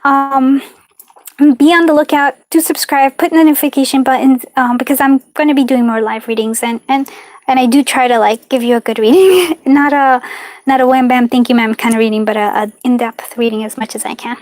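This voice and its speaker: A woman doing a live card reading, talking in a warm, chatty, reassuring way with lots of fillers and little laughs. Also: high voice, steady tone, a little fast, no room sound. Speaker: tarot and charm reader.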